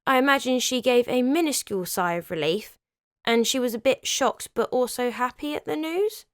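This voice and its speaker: Female history narrator with a light, slightly high voice and a casual aside now and then. Close, dry sound. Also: moderate pace, clean tone, no echo. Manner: conversational with chatty asides. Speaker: history video host.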